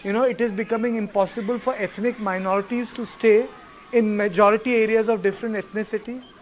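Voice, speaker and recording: A man anchoring a news debate, measured and earnest as he reins in the panel. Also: high-pitched, fairly even intonation, slight background noise.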